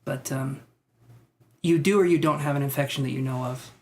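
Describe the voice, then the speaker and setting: A male tarot reader does psychic readings on a live stream, musing tentatively, thinking aloud with plenty of fillers, and reassuring his viewers. His voice is mid-range and his pace moderate.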